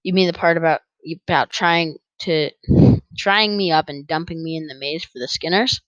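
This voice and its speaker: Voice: mid-range voice, moderate pace, a bit bright, dry recording, muffled recording, natural voice. A reader voicing a teasing young adult older brother who talks bluntly, read for an audiobook.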